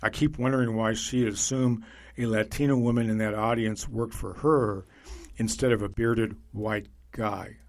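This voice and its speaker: A man narrating a magazine feature in a measured, scripted reading voice. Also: on the low side, fairly even intonation.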